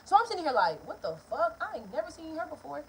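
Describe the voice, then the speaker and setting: Animated, high-voiced young woman vlogger. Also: fast talker, slight background noise. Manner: animated, profane, emphatic storytelling. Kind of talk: casual storytime.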